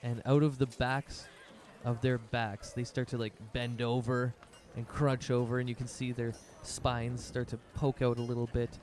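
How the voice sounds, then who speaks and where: A man's voice: mid-range voice, little pitch movement, normal speed, darkish tone, a little hiss or hum. A man narrating as game master of a tabletop game, rambling loosely with many fillers.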